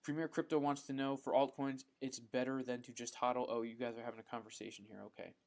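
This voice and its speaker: A man hosting a live stream, reading out viewer questions and answering them in a relaxed, chatty way, with frequent ums and the odd "bro". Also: mid-range voice, quick pace. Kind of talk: casual live Q&A chat.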